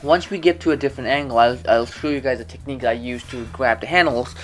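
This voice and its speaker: Man, fitness vlogger, casual gym instruction, stumbles and restarts, medium-pitched voice, faint music behind. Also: quick pace. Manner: rambling, many restarts and self-corrections.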